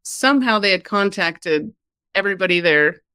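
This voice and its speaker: A woman from Kansas tells her own story as a podcast guest. Her manner is lively and candid, with laughs and a steady "like". Her voice sits at an ordinary middle pitch and sounds dry and close. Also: normal speed, clear, resonant tone, dry recording. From Kansas, United States. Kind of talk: personal storytelling conversation.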